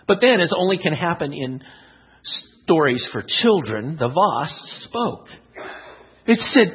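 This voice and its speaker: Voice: medium pitch, sing-song, takes it slowly, breathy edge, lo-fi sound. A speaker giving an emphatic devotional talk to young scouts, telling a children's story along the way.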